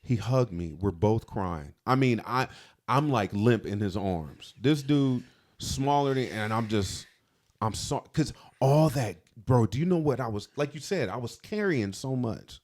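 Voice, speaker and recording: A man's voice: medium pitch, animated, a little slow, a little mellow. A man co-hosting a podcast, telling an emotional, confessional story from his past in casual talk. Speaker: podcast co-host.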